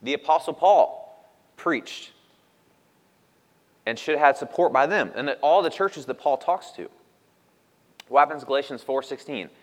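A man preaching a sermon as a pastor, moving from loud, emphatic questions to hushed asides and acting out the voices of people in his stories. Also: on the high side, normal speed, pauses often, big-room sound.

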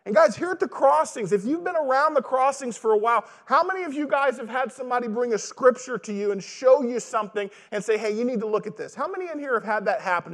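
A man's voice: extremely high pitch, fairly bright tone. A man preaching a sermon as pastor, talking conversationally and putting rhetorical questions to the congregation.

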